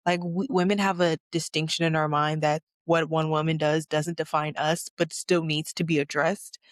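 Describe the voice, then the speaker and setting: A woman's voice: deep voice, little pitch movement, normal speed, no echo, studio quality. A woman hosting a casual chat, emphatic and outspoken, profane, repeating words for stress. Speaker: podcast host.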